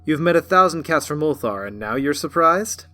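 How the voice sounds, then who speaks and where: A man voicing a cryptic, bored black cat that talks in a slow, quiet, sardonic drawl. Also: a little high, lively intonation, pitched above the performer's own voice.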